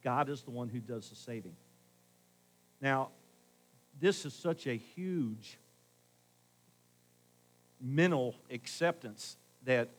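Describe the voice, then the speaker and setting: A middle-aged man preaching a sermon as pastor in a conversational way, swinging between loud emphasis and hushed asides. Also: medium pitch, lively intonation, slow, pauses often, poor audio.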